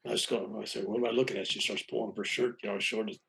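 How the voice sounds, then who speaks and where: A man's voice: fairly low pitch, level tone, rapid-fire, vocal fry, fairly bright tone, a little hiss or hum. An older man, a reverend, telling a long personal story in an interview, acting out the dialogue with frequent restarts. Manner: rambling, acts out quoted dialogue, frequent restarts. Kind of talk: anecdotal storytelling in conversation.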